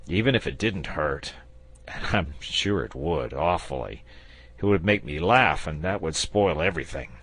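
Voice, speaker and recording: A man's voice: very deep voice, lively intonation, normal speed, fairly bright tone, exaggerated voice. A man voicing a bored, coy, sociable male dragon, fussy and wry in manner.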